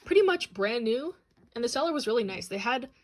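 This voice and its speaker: A young woman with a slightly high voice hosts a casual unboxing vlog. She talks chattily and bubbles over with excitement, gushing about her favorite items. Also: fairly quick. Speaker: channel host. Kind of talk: manga haul and unboxing vlog.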